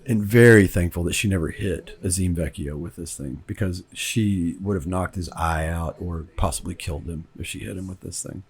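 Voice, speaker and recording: A man from Kentucky talks through his own film as its director, in a relaxed, rambling way. He often repeats a word while he gathers his thoughts. His voice sits very low and has a slightly husky grain. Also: moderate pace, hardly any pauses. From Kentucky, United States. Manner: rambling, conversational, repeats words as he thinks. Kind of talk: director's commentary.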